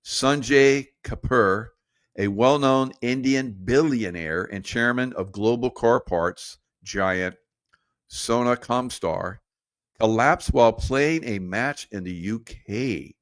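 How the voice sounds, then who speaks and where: A man's voice: medium pitch, takes it slowly, dry recording, studio quality. A middle-aged man hosting a show, telling rambling stories in a casual, conspiratorial monologue and laughing between points. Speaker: show host.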